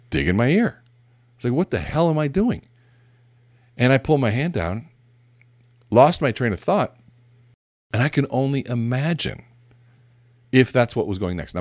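A man's voice: on the low side, no room sound, studio quality. A middle-aged man giving a conversational motivational talk on leadership, direct and emphatic, with casual asides and stories. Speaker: business speaker on leadership. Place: seated indoors.

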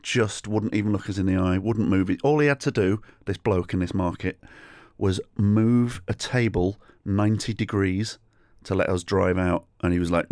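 Man, middle-aged, deep low voice, rambling sweary comic storytelling, solo podcast host, dry close sound. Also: moderate pace, darkish tone, no room sound. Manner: rambling, sweary, self-deprecating anecdotes.

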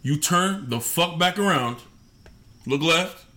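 A man's voice: fairly high pitch, takes it slowly. A man in casual late-night podcast talk, telling stories and acting out little scenes with plenty of swearing. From New York. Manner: animated storytelling, profane, acts out bits. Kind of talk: casual chat.

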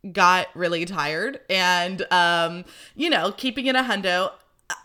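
A woman's voice: medium pitch, pushed and bright. A young woman hosting her podcast alone, chatty and rambling, swearing freely. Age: young adult. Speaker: podcast host. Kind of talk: casual solo chat.

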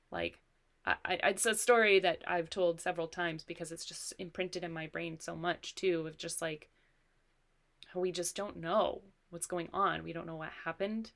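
Low gravelly-voiced woman musing. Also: steady tone, normal speed. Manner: reflective, trails off into soft asides. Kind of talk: casual parenting chat.

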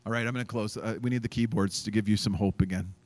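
A man preaching a sermon as a pastor, telling a story in an animated way, acting out quotes and using many fillers. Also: on the low side, quick pace. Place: church event stage.

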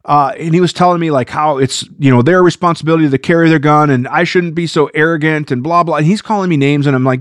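A man's voice: fairly high pitch, a little fast, no echo, clean studio sound. A man hosting a live viewer Q&A stream, talking casually and getting worked up as he rambles. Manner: animated, gets worked up and rambles.

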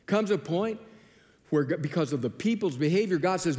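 A man preaching from the pulpit, his voice pitched somewhat high for a man. He acts out scripture scenes with lively dialogue, and his words ring with the long reverb of a large hall. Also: brisk. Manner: animated storytelling, acting out biblical dialogue. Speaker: pastor. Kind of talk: sermon.

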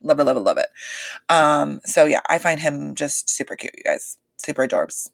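A woman's voice: sits low, normal speed, vocal fry, no room sound. A woman hosting a casual podcast chat, gossiping with lots of swearing and "like.". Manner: gossipy, profane, animated, lots of "like" and "you guys". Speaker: podcast host recapping a reality show. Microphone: desk microphone.

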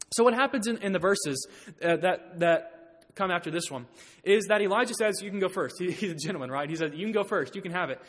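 A man preaching a sermon in a church, animated and growing loud when he quotes. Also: high voice. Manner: animated, rising to loud emphasis when quoting. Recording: long hall reverb.

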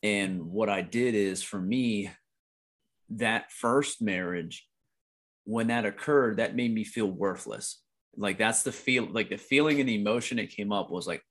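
A man's voice: fairly low pitch, a little slow, a bit bright. A middle-aged American man telling a personal story in a candid conversation, blunt and profane, often repeating himself.

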